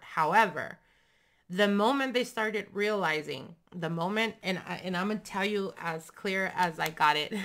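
A young adult woman runs a loose, chatty tarot reading with a lowish voice. Her tone is bright and forceful, and she speaks frankly, dropping the odd swear word as she goes. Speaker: tarot reader. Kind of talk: casual tarot reading monologue.

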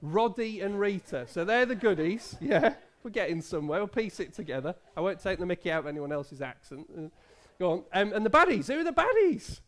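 A pastor in his thirties with a high, expressive voice leads a playful quiz with children during a family service in a church hall. He speaks fairly quickly, with many restarts and laughs.

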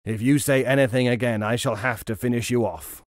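A man voicing a murderous robber who speaks low, slow and menacing in a storybook reading. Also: fairly even intonation, no echo, clean studio sound, close to an everyday voice.

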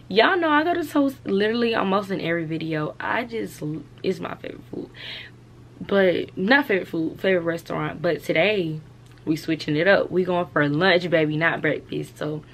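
A young woman chatting casually to her camera at home, full of slang and "y'all". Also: lowish voice. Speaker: vlogger.

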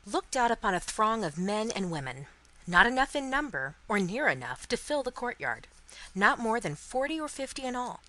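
A woman narrating a classic novel in an expressive, dramatic storybook reading for English learners. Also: fairly high pitch, moderate pace, poor audio.

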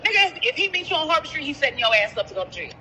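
A woman's voice: high voice, very animated, rapid-fire, bright, forceful tone, slight background noise, rough recording. A woman, calling in to an interview and bluntly telling a heated, profane story full of quoted dialogue. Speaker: caller, sister of the rapper discussed.

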